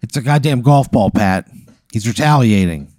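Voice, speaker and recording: A man's voice: medium pitch, animated, normal speed, a little mellow, dry recording, studio quality. A man co-hosting a comedy podcast, answering a hypothetical in crass, exasperated banter with a lot of swearing.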